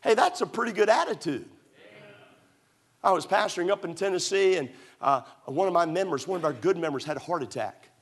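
Middle-aged preacher, fairly high voice, emphatic and repetitive, story-driven sermon delivery. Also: male voice, a little fast, husky. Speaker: pastor.

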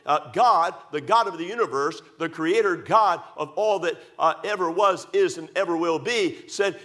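A man's voice: on the high side, lively intonation, moderate pace, hardly any pauses. Emphatic man preaching. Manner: emphatic, repetitive, swings between loud pleading and hushed asides. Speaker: pastor. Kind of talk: sermon.

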